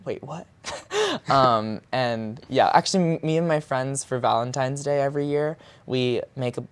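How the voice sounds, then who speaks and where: A male musician with a naturally high voice, chatting casually in an interview, full of likes and ums and quick to laugh. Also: smooth. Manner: chatty, filler-heavy with frequent likes and ums, laughs easily. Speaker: musician guest.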